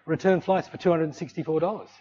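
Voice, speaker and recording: Fast and with a breathy edge to his rather high voice, a man preaches, bringing a story to life by voicing its people. The audio is flat and lo-fi.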